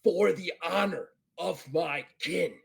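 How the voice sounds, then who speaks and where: A man voicing a vengeful, proud male Klingon warrior, with a low, menacing, clipped delivery in a tabletop game. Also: slow, gravelly, slightly rough, full character voice.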